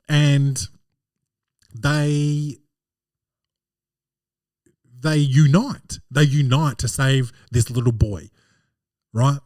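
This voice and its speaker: Animated, profane male podcast host. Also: on the high side, no echo, clean studio sound. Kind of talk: comedic film recap.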